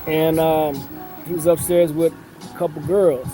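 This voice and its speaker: Middle-aged man telling a long story in a slow, filler-heavy drawl, voice sitting a little high, music under him. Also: fairly even intonation, rough recording. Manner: unhurried storyteller with a drawl, many fillers and repetitions. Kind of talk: casual storytelling. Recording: music playing in the background.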